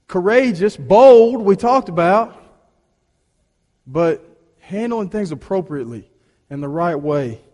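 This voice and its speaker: A pastor with a high-sitting voice preaches a sermon in a large hall, taking a conversational, storytelling approach. He often restarts sentences and swings between hushed and emphatic delivery.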